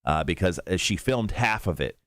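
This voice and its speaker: A man's voice: deep voice, no room sound, studio quality. A man co-hosting a radio show, chatting casually and laughing easily. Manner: animated, quick to laugh.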